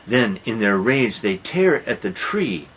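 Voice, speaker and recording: A man's voice: lowish voice, big pitch swings, slow pace, fairly bright tone, slightly rough, poor audio. A man lecturing on a Greek tragedy, retelling it as a dramatic storyteller who repeats words for emphasis. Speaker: literature lecturer.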